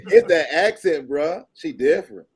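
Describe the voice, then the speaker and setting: A man's voice: a little high, moderate pace. Man. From Greensboro, North Carolina. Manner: lively storyteller, slangy. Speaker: panel guest. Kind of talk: casual podcast banter.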